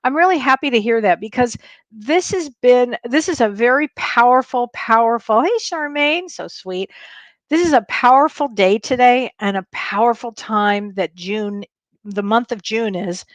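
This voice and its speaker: A woman's voice: on the high side, animated, moderate pace, no echo. Bubbly woman hosting a live stream. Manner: bubbly, greets viewers by name, laughs often. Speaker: spiritual medium hosting a live show. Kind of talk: casual live-stream chat.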